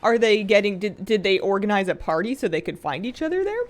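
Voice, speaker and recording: A woman with a mid-range voice speaks fairly quickly while live-streaming a game. She chats casually with her viewers, self-mocking, grumpy and joking, and laughs often.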